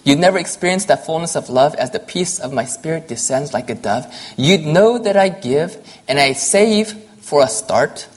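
A preacher giving a sermon, reading a poem aloud in an earnest, slow way with soft pauses. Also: mid-range voice, slightly rough.

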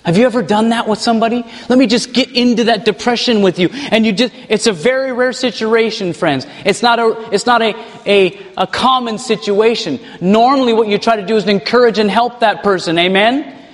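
Male preacher, high voice, animated sermon delivery, reverberant hall. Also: brisk. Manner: animated, mocking put-on voices for examples.

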